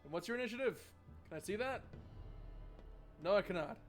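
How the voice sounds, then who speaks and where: Man, streamer, high voice, chatty, joking, thinks aloud, live board game playthrough. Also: lively intonation, brisk, faint music behind.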